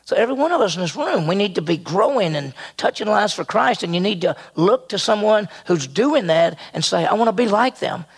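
An older man preaching a sermon, animated and acting out quotes with jumps in pitch. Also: a little fast, few pauses, husky. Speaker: pastor.

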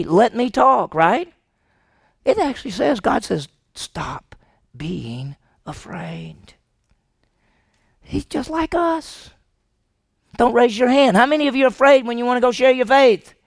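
A man preaching a sermon to his congregation, animated and asking the room questions. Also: high voice, gravelly, no room sound, studio quality. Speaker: pastor. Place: church sanctuary.

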